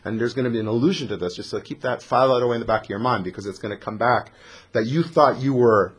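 A man teaching a lively Bible lesson as a dramatic storyteller, mixing in Hebrew and Yiddish terms. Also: medium pitch, quick pace, slightly rough. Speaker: Torah teacher.

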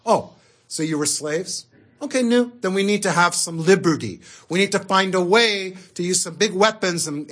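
A man giving an animated Torah lecture as a rabbi, talking conversationally and asking the audience rhetorical questions. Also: fairly high pitch, breathy edge.

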